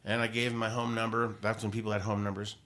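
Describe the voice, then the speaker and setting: Chatty radio host telling stories. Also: male voice, fairly low pitch, quick pace. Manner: rambling, animated, many fillers and restarts. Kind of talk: casual interview storytelling.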